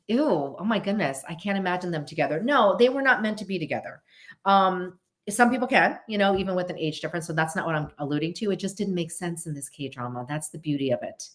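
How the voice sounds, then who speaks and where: Chatty woman hosting a live chat. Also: fairly low pitch. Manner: animated, thinks aloud with restarts, asks viewers to agree. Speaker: host of a live show. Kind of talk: casual live chat answering viewer questions.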